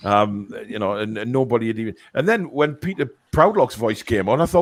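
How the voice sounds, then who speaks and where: A man's voice: lowish voice, normal speed. A man hosting a casual online chat show, rambling and joking as he reads out viewer comments. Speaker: show host.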